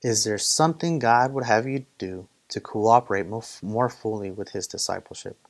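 A man's voice: fairly low pitch, moderate pace. A man preaching a casual Bible study, conversational and full of stories and acted quotes. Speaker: pastor leading Bible study. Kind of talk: casual sermon.

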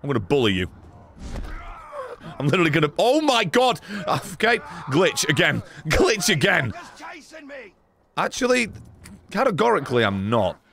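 A man streams a game and talks over it in a loud, sarcastic, sweary way, yelling at the enemies. His voice sits high and leaps all over the place in pitch. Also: wildly swooping pitch, moderate pace, gravelly, long pauses. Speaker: gaming streamer. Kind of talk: gameplay commentary.

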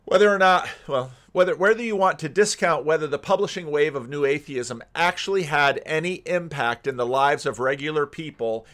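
A man giving casual spoken commentary on a debate clip, with a mid-pitched voice. He muses aloud and restarts his sentences often. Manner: musing, restarts often, animated when he mimics others. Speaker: commentary channel host.

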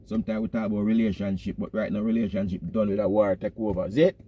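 A man's voice: lowish voice, quick pace, husky. Jamaican man ranting, calling everyone brother. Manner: repeats "brother" rhythmically, animated and preachy. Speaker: comic vlogger pastor persona. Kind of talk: rambling comic rant in patois.

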